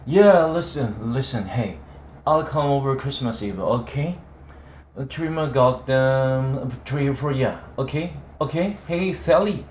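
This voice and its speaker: A man voicing a drunk teenage boy who yells on the phone, slurring, loud and repeating himself. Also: on the high side, moderate pace, hardly any pauses, slight background noise, voice pushed up, natural voice. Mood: drunk, pushy. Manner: slurred, loud, repetitive pleading. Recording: roomy room echo.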